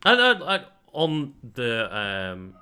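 Podcast guy with a bright tense voice, thinks out loud, stumbles a bit. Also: medium pitch, huge pitch swings, slow, clean tone. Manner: thoughtful, hesitant, repeats words while thinking. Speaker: podcast co-host. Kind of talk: casual chat.

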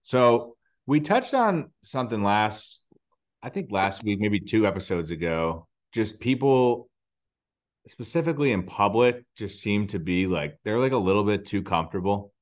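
Man in his thirties, podcast co-host. Low-pitched, casual storyteller, filler-heavy. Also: animated, moderate pace. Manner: storytelling, lots of likes. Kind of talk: casual chat.

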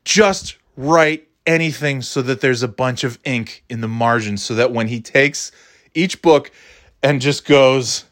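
A man's voice: mid-range voice, unhurried, fairly bright tone. A man in his forties telling a story from his school days in a rambling, profane, self-mocking way. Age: 40s. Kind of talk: casual storytelling.

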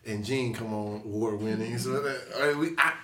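A man hosting a casual podcast chat, playful and quick to joke and laugh. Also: fairly low pitch, a bit bright, echoey room, far from the mic. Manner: playful, joking, laughs often. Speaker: podcast host.

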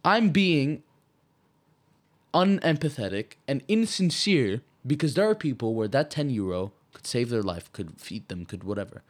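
A young man co-hosting a podcast in casual chat, blunt and animated, swearing often as he tells a story. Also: medium pitch, moderate pace. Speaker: podcast co-host.

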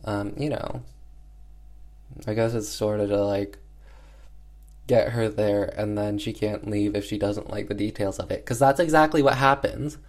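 A man's voice: lowish voice, steady tone, unhurried, pauses often, darkish tone. Chatty man recapping a film. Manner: chatty, filler-heavy with frequent "um" and "like"; slangy, retells scenes by voicing characters offhandedly. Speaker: film reviewer.

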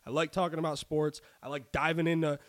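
A young man co-hosting a podcast, chatting casually about sports betting, swearing often and rambling with excitement. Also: fairly high pitch, quick pace. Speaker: podcast co-host.

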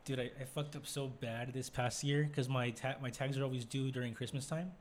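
A man's voice: mid-range voice, steady tone, brisk, a little hiss or hum. Teasing young man with easy laughs. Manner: laughs easily, teasing, asks questions. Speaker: podcast co-host. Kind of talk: casual chat.

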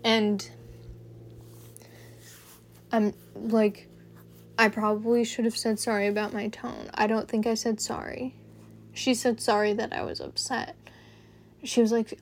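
A young woman hosting her own podcast, rambling casually and haltingly, with lots of "like" fillers. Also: on the high side, big pitch swings, vocal fry. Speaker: podcast host.

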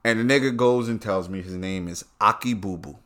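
Bright-voiced, foul-mouthed New York man. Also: lowish voice, fairly quick. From Brooklyn, New York. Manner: profane, blunt storytelling. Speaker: podcast host. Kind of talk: casual monologue.

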